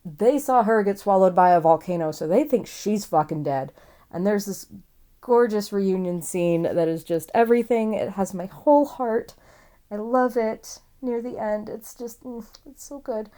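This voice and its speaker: A woman's voice: medium pitch, expressive, moderate pace, warm tone. A woman casually reviewing a book series to camera, gushing and rambling with enthusiasm and the odd swear word.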